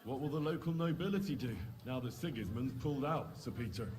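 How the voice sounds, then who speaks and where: A man's voice: mid-range voice, fairly quick, a little mellow, lightly acted. An actor playing an earnest, curious young man in a game, asking questions in a friendly, plain way.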